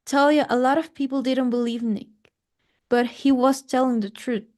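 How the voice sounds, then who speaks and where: A woman's voice: sits high, normal speed. Woman student reading aloud carefully. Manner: careful, steady reading with small slips. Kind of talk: reading a grammar text aloud.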